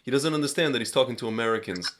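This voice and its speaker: A man's voice: medium pitch, rapid-fire, fairly bright tone, a little hiss or hum. A man co-hosting a casual podcast conversation who speaks emphatically and repeats his points. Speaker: podcast co-host. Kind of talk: casual chat.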